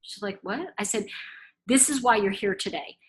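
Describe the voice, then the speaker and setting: A middle-aged woman casually telling a story to camera, chatty and animated, acting out the quoted dialogue. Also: medium pitch, moderate pace. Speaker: intuitive reader and video host.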